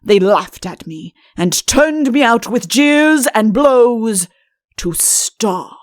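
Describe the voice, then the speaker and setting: A woman voicing a self-pitying, deposed male king in an audiobook, speaking slowly and earnestly. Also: on the high side, animated, dry recording, studio quality. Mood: plaintive. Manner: slow, earnest, imploring delivery. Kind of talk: audiobook character reading.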